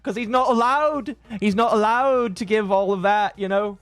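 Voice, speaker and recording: A woman's voice: medium pitch, moderate pace, dry recording, soft background music. A woman from the United States streaming reaction commentary in a brash, crude, mocking way, swearing often.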